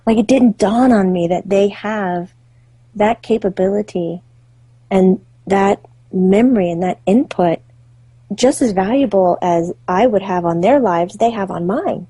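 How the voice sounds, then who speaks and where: A woman's voice: medium pitch, measured pace, warm tone, slightly rough, dry recording. A woman being interviewed as a psychic author, telling vivid stories with laughter and acted-out voices. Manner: vivid, acts out quoted voices, laughs often. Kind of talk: animated storytelling in an interview.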